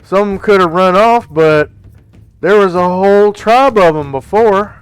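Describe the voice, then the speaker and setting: A man's voice: sits high, unhurried, clear, resonant tone, dry recording, voice pushed up. A man voicing a frightened old-fashioned townsman with a folksy drawl. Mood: wary. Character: startled old-fashioned man in top hat.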